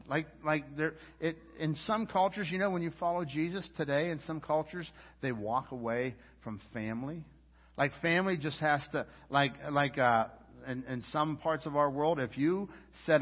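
Pastor guy preaching, husky voice, kinda high, big long echo, earnest and repeats himself a lot. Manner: earnest, repeats words, rises to fervent peaks then drops low. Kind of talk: sermon. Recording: dull lo-fi sound with long hall reverb.

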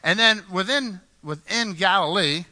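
A man's voice: high voice, unhurried, pushed and bright. A man from Pittsburgh preaching a sermon as pastor, talking conversationally, repeating words and asking the congregation questions.

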